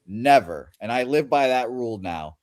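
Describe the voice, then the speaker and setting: A man's voice: mid-range voice, expressive, normal speed, a little mellow, no room sound. Blunt man telling a story, dry sound. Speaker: podcast co-host. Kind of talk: casual storytelling.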